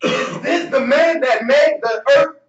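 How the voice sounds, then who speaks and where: Very high-voiced man reading scripture aloud. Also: unhurried, faint music behind. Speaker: scripture reader. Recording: dull echoey room audio from far off.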